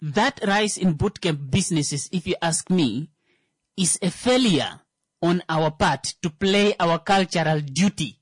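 Man with a higher-pitched voice, halting comic rant. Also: no echo. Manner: halting, full of "uh" fillers, sudden pitch jumps for emphasis. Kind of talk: comedic monologue.

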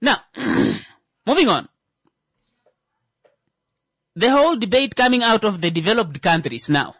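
A man performs a comedic monologue in an animated, playful way. His voice rises and falls a great deal as he riffs, sometimes leaping into mocking voices for his bits. The sound is dry and close, with no room in it. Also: high voice, a little slow, husky, no echo. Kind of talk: stand-up style comedic monologue.

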